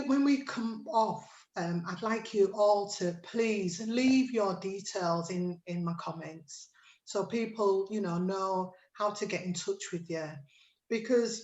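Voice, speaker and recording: A woman's voice: mid-range voice, a little mellow, echoey room, low-quality recording. A woman hosting an online chat over a video call, chatty and emotional with lots of fillers. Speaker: host of an online chat show.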